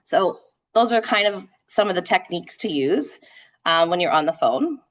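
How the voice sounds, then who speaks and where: Woman sales coach, lowish voice, quick animated delivery, conversational teaching tone with lots of check-ins. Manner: fast-talking and animated; conversational, frequent "right?" checks. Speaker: real estate trainer. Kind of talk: live sales training session.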